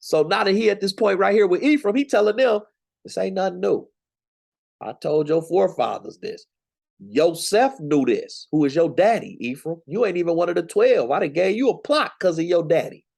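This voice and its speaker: A man's voice: high-pitched, animated, normal speed, gravelly, a little mellow. A young man teaching scripture in a casual, slangy, emphatic way, from the United States. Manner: conversational, preachy, slangy and emphatic. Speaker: Bible teacher.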